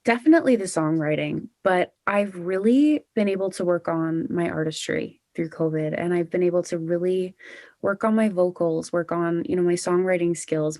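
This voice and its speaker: A woman's voice: on the low side, a little mellow, dry recording. Chatty young woman singer, dry sound. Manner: bubbly, chatty, with many "like" and "you know" fillers. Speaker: country singer-songwriter guest. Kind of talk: casual interview chat.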